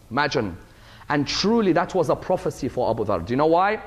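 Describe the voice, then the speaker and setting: A man's voice: fairly high pitch, sing-song, fast talker, in a large hall. A man giving a religious lecture, telling stories emphatically with plenty of repetition.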